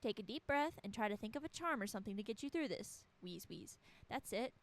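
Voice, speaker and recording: A woman's voice: fairly high pitch, animated, fairly quick. A woman voicing a frightened teenage schoolgirl, reading her panicky, pleading lines in a game. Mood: scared.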